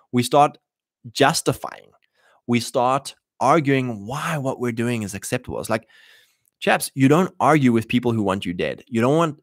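A man's voice: mid-range voice, no room sound, clean studio sound. Punchy man acting out voices. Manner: animated, acts out quoted voices, punchy. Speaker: host. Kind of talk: casual monologue to listeners.

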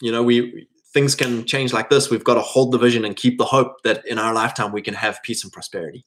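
A man's voice: mid-range voice, steady tone, fairly quick, fairly bright tone. A man hosting a podcast, talking casually to his audience and reading live chat, with frequent restarts and mocking quoted voices.

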